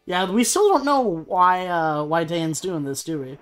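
A man's voice: high-pitched, very animated, measured pace, a bit bright, soft background music. A man guiding a friend through a let's-play, explaining the game and reading some lines in a casual, rambling way. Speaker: gaming video co-host guiding the playthrough.

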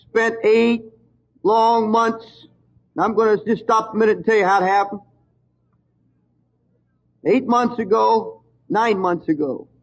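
A man's voice: sits high, poor audio. A middle-aged male preacher telling a personal story in an emphatic, fervent sermon.

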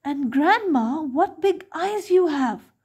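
A woman voicing a timid little girl in a red-hooded cloak, speaking slowly and softly. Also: sits high, very animated, pitched above the performer's own voice, full character voice. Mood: wondering.

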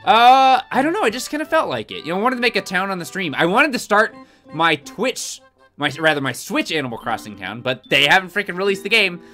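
A young man streaming a game from home on a desk mic, chatty and goofy, his pitch swinging widely as he reacts to viewers. Game music plays clearly under his voice. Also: very animated, a little fast, bright, forceful tone. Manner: chatty, goofy, reads out chat messages. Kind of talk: casual live-stream chat.

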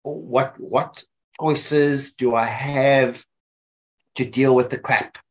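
A man's voice: medium pitch, fairly even intonation, extremely slow. A man presenting a casual webinar on mental health, often checking in with his listeners by asking "okay?". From South Africa. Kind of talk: informal talk on mental health. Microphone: webinar microphone.

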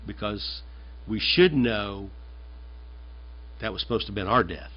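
A man's voice: fairly low pitch, measured pace. A man from the United States, a pastor, preaching a conversational and emphatic sermon, often repeating his phrases. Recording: dull lo-fi sermon recording.

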